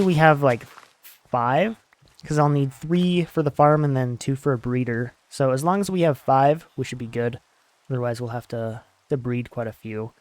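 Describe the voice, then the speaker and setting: Young man with a smooth, clear voice. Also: medium pitch, dry recording. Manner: rambling, relaxed, many "like" fillers. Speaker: gaming channel host. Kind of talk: casual gameplay commentary and book summary.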